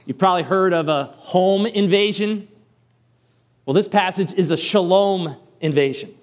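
A man's voice: high-pitched, unhurried. A man preaching a sermon in a conversational way, with light self-deprecating humor, from the Northern US.

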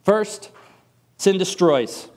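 A man's voice: high voice, lively intonation, very slow, darkish tone. A man preaching a sermon in a conversational way, with light self-deprecating humor, from the Northern US.

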